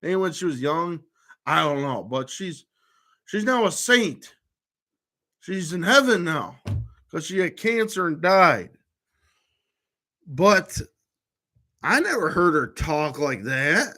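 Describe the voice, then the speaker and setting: Slow, rambling man with a high-ish voice. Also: sing-song, pushed and bright. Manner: rambling, with many restarts and trailing-off fillers. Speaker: vlogger. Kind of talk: casual monologue to camera.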